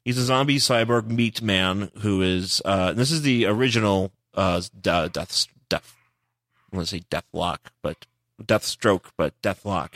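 A man co-hosting a casual podcast about comic books, rambling and halting as he recaps. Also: lowish voice, fairly bright tone, no echo, studio quality. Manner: rambling, halting, many fillers and restarts. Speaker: podcast co-host. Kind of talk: casual comic book chat.

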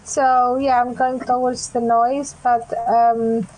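A woman's voice: fairly high pitch, flat delivery, slow, a little mellow, rough recording. A woman as a player in a tabletop role-playing game, talking casually and hesitantly. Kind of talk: tabletop role-play chat.

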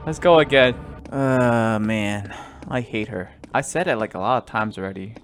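A man commentating a horror game let's play, jumpy and easily startled, swinging between loud yelps and quiet muttering. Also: fairly low pitch, moderate pace, slight background noise. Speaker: gaming YouTuber.

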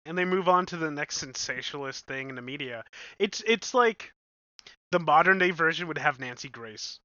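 A man co-hosting a casual movie-review chat, animated and jokey, swearing casually. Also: on the high side, normal speed, dry recording, dull audio.

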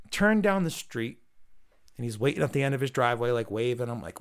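His voice is mid-range, clear and resonant, and he talks quickly. As a podcast host, he's casually spinning a long, rambling, profane story, acting out the quoted dialogue of those in it.

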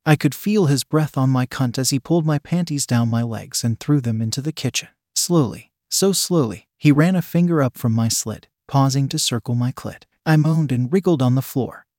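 A man narrating an erotic story in a steady, even reading manner. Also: medium pitch, fairly quick, hardly any pauses, no room sound, studio quality.

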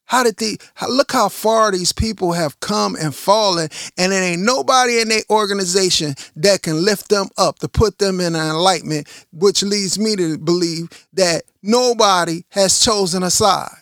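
A man's voice: sits high, normal speed, few pauses, a bit bright, no room sound, clean studio sound. A middle-aged man, preaching a confrontational, repetitive monologue as a religious podcast host.

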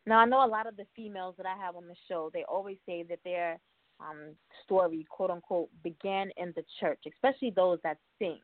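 A woman's voice: fairly low pitch, fairly even intonation, fairly quick, no echo. A woman hosting an interview, chatty and full of fillers. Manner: chatty, warm introductions with fillers. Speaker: radio show host. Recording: tinny phone-like line.

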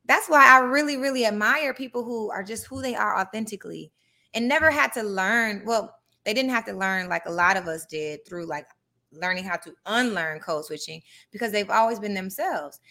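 A young adult woman hosting a live podcast, talking in an animated, conversational way and now and then reading passages aloud. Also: medium pitch, moderate pace, creaky. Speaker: podcast host.

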